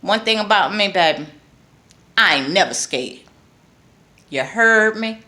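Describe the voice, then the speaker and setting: A woman's voice: medium pitch, expressive, unhurried, pushed and bright. A woman from New York with a New York accent, giving a blunt, emphatic political rant to her viewers and repeating lines for emphasis. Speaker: vlogger.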